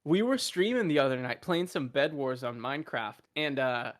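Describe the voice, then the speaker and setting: A young man co-hosting a casual podcast, talking loudly with a projecting voice and lots of "uh" and "like". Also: medium pitch, expressive, normal speed. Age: young adult. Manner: loud, projecting, laughing, filler-heavy. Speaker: podcast co-host. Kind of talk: casual chat.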